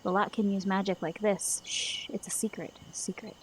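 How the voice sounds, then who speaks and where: A woman's voice: mid-range voice, normal speed, slight background noise, natural voice. Woman putting on a muttering mad old shaman. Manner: third-person speech, stammering, hushed muttering.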